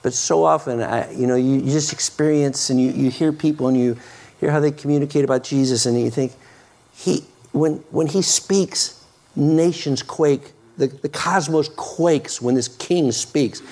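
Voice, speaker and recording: A middle-aged man preaching a sermon, earnest, restarting words often and rising to loud, excited peaks. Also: on the high side, normal speed. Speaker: pastor.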